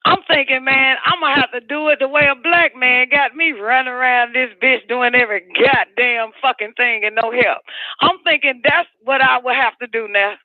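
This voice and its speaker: A man's voice: extremely high pitch, steady tone, normal speed, no room sound. A man hosting a live call-in radio show, rambling on with heavy profanity and emphatic repeats. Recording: dry, phone-like radio sound.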